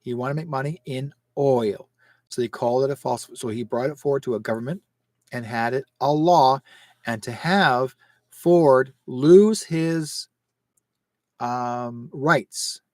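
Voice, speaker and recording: A Canadian man hosting a live call-in psychic show, talking in an emphatic, rambling way with sudden rises in pitch. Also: unhurried, darkish tone, no room sound. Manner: emphatic, rambling, rising sharply on points.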